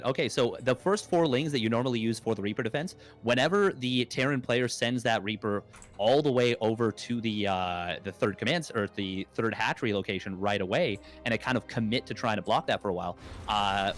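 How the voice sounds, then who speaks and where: A young adult man casting an esports match in a casual, rambling way, with jokes and many fillers. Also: mid-range voice. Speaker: esports caster. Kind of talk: casual play-by-play commentary.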